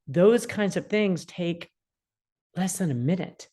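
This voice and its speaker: A woman's voice: lowish voice, slow pace. A woman in her sixties, an attorney mediator, explaining parenting advice and acting out what upset teens feel. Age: 60s. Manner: animated, acts out quoted feelings.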